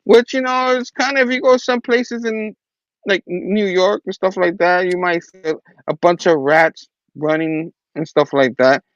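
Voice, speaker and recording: A man's voice: sits high, a little slow, a bit bright, no echo, highs cut off. A man hosting a casual comic book review, rambling and chatty. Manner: rambling, laughs often. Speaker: host.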